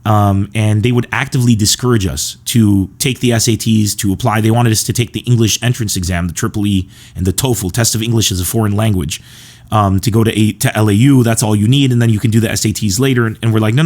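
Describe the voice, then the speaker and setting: Laid-back man with a low voice, rambling. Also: steady tone, quick pace, a little mellow. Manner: rambling, chuckling, frequent restarts. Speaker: podcast host. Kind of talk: casual comedic storytelling.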